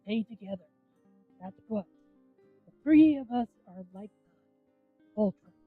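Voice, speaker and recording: Slow-reading woman on a tinny line. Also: medium pitch, lively intonation, slightly rough, dry recording. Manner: slow, halting reading with casual swearing. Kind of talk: reading game dialogue aloud. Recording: tinny phone-like line with music.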